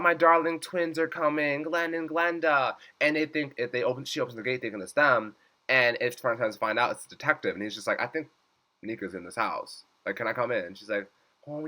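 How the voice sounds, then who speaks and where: A man's voice: mid-range voice, bright, forceful tone. A young man giving a casual episode recap, chatty, leaning on "like" and acting out lines in swooping voices. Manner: chatty, says "like" constantly, acts out quotes in swooping voices. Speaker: reaction vlogger.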